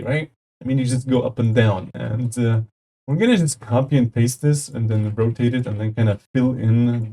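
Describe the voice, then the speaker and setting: Chatty upbeat man, mellow voice. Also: mid-range voice. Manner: chatty and upbeat, with lots of fillers and sound effects said aloud. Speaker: tutorial host. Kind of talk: casual screen-recorded game editor tutorial.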